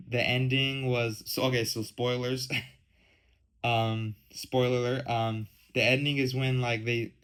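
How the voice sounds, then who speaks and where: A man's voice: mid-range voice, fairly bright tone, low-quality recording. Rambling young man podcasting. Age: 20s. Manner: rambling, heavy use of "like" and "um". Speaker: podcast host. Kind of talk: casual solo podcast chat.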